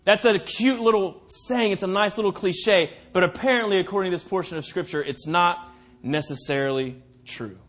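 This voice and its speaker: A man preaching a sermon as pastor, swinging from booming declarations to hushed asides and slowing down hard to stress key phrases.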